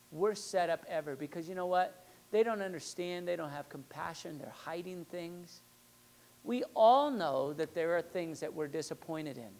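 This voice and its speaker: A man preaching a sermon as pastor, in a conversational way with rhetorical questions, moving between loud emphasis and quiet asides. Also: sits high.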